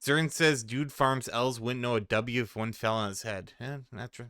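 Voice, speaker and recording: Forties male commentator, ranting and swearing in disbelief; bright, forceful voice, very smooth. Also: medium pitch, fairly even intonation, moderate pace, no room sound. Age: 40s. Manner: exasperated ranting, profane. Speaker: commentary streamer. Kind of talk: reaction commentary.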